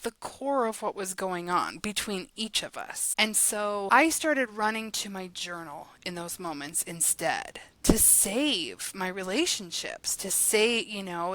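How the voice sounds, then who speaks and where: A woman guest on a podcast, talking in a casual, animated way about her work and laughing often. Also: mid-range voice, no echo. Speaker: guest, guided journal creator and coach.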